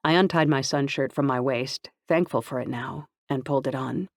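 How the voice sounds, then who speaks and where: Steady audiobook narrator, dry close sound. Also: medium pitch, normal speed, no echo. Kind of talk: first-person novel narration.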